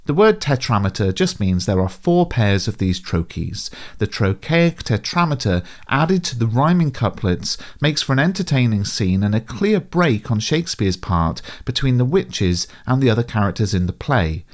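A man who narrates a scripted literature lesson, explaining in a clear, measured way. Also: mid-range voice, big pitch swings. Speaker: teacher.

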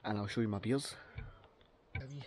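This Scottish vlogger's voice sits on the low side, darkish with a breathy edge, moving at a moderate pace. He's talking informally to camera outdoors in a forest, chatty and upbeat while thinking out loud.

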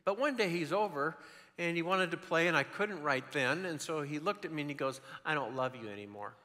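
Bright-voiced older man preaching in a hall. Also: on the high side, brisk. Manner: animated storytelling, shifting between loud and hushed. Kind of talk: sermon.

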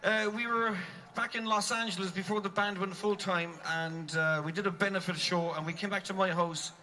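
Bright-voiced man telling a stage story. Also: high voice, normal speed, a little hiss or hum. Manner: animated, comic, scats tunes mid-story. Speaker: band frontman. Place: outdoor concert stage.

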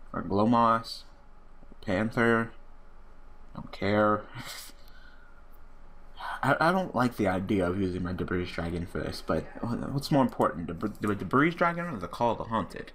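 A man's voice: lowish voice, expressive, a little slow, long pauses, fairly bright tone, slightly rough. A young man hosting his own channel, giving casual commentary over a card game as he plays, muttering and swearing when things go wrong. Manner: swears a lot, frustrated muttering. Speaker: gaming channel host.

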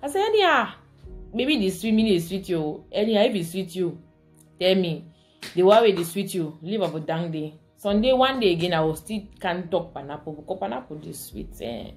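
Her lowish, slightly mellow voice has lively intonation and a moderate pace, over soft background music. This Cameroonian vlog host, speaking with a Cameroonian Pidgin English accent, chats casually to her viewers, laughing frequently and alternating between pidgin and English.

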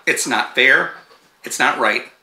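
A man's voice: medium pitch, slow, bright, forceful tone, reverberant. A man hosting a home knitting show, chatting casually and digressively to the camera and breaking off to talk to his dogs.

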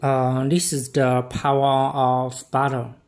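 A man walks through a product demonstration in broken, simple English. His delivery is slow and unhurried, and his pitch stays flat and even as he pieces together short, halting phrases. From China.

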